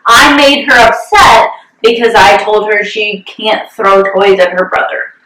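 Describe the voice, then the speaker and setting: A woman's voice: medium pitch, measured pace, fairly bright tone, roomy sound, recorded from a distance, a little hiss or hum, low-quality recording. A woman co-hosting a podcast who chimes in briefly and supportively during casual chat. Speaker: podcast co-host.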